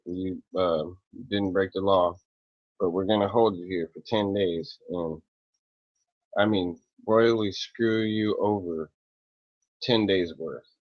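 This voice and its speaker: A man rants at length and swears freely, clearing his throat as he goes. His voice sits low and his delivery drags slowly. The sound is dull and lo-fi, with a dry, close feel. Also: fairly even intonation, dry recording. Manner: profane, rambling, with frequent throat clearing. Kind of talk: casual angry rant to camera.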